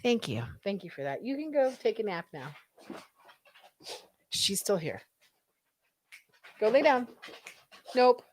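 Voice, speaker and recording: Lively woman reading chat on stream. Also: a little high, takes it slowly, pauses often. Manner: chatty, reads viewer comments aloud, laughs easily. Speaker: livestream co-host reading chat. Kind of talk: casual chat.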